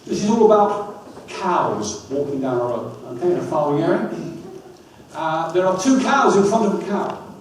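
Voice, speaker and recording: Male trainer, energetic and wry, heard off-mic in a big echoey hall with faint hum. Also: high voice, normal speed, recorded from a distance. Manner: energetic, coaxing the audience, wry asides. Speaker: dyslexia trainer giving a talk. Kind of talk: lively public talk with audience activities.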